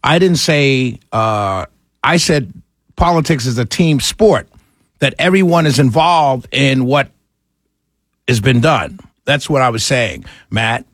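A man's voice: medium pitch, lively intonation, takes it slowly, a bit bright, no room sound. A man hosting a call-in talk radio show from a studio, ranting with exasperation and firing off rhetorical questions.

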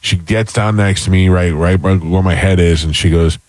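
A man's voice: deep voice, steady tone, normal speed, few pauses, dry recording, low-quality recording. A man hosting a casual chat show, telling a long rambling story with self-deprecating humor.

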